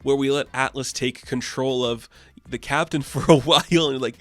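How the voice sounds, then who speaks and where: A man giving a casual comic book recap, excited and rambling. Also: medium pitch, moderate pace, no room sound.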